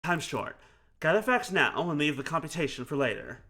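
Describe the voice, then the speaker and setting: A wry young woman detective from a story game quips and needles the people around her, as a man reads her part. The voice sits slightly high, bright and animated. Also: brisk. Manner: dry and teasing.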